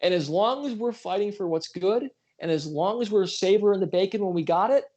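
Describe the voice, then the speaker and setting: A brisk, high, slightly mellow male voice, with the highs cut off, comes from a middle-aged Western New York political candidate hosting a casual livestream. His storytelling is earnest, punctuated by apologies for talking too long and self-deprecating asides.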